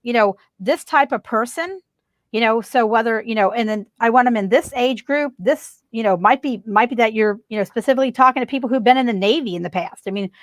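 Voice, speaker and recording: A woman's voice: a little high, fairly quick, dry recording. A woman guest on a podcast, giving marketing advice in a casual, emphatic way and repeating her key points.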